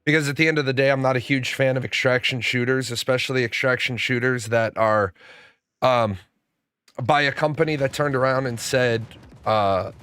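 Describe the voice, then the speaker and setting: A man's voice: medium pitch, steady tone, normal speed, a bit bright, clear, resonant tone, no room sound. A young adult man streaming a game, telling stories in casual, profane chat with frequent stammers and restarts. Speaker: gaming streamer.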